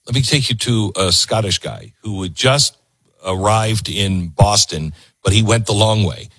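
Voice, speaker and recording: A man's voice: fairly low pitch, unhurried, fairly bright tone, no room sound. A man hosting a show, commenting emphatically on video clips he plays. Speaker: host.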